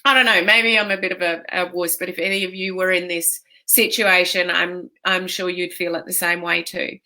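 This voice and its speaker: A woman's voice: on the low side, flat delivery, moderate pace, pushed and bright. A woman coach chatting live with viewers, emotional and tearful from a migraine, greeting people by name. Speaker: online fitness coach. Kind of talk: live video chat with viewers.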